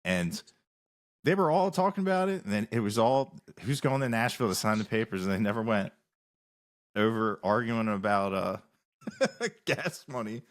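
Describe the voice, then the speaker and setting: A man's voice: on the low side, expressive, moderate pace. A man, a musician guest on a podcast, telling rambling stories in casual interview talk with many restarts.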